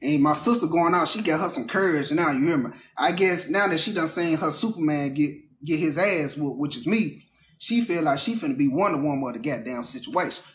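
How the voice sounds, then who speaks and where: A man casually telling a true story, animated and profane, acting out the people in it. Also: a little high, a little fast, reverberant.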